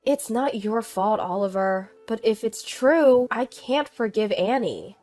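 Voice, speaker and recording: A woman voicing a shaken young mother who speaks in a weak, quiet voice, for a storybook narration. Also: on the high side, animated, a little slow, soft background music. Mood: hurt.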